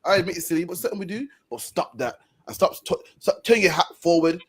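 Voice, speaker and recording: A man hosting an online stream discussion, talking in a fast, emphatic, preaching way. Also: high voice, breathy edge.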